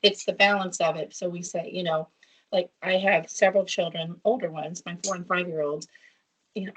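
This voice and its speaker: Husky-voiced woman teacher, earnest. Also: on the low side, fairly even intonation, brisk, fairly bright tone, rough recording. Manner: earnest, explains with classroom examples. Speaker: Montessori teacher, guest. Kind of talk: podcast interview.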